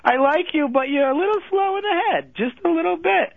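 Squeaky old-man caller, fawning and rambling over a thin phone line. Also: animated, gravelly, no room sound, exaggerated voice. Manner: slow, rambling, cries out in pain. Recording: tinny phone line, dry.

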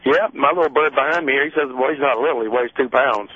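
A man's voice: mid-range voice, quick pace, no echo. A man calling in to a radio show, chatting proudly about his pet birds. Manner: chatty, proud, laughs at his own stories. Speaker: caller. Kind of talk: casual phone-in chat. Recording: dull dry call-in sound.

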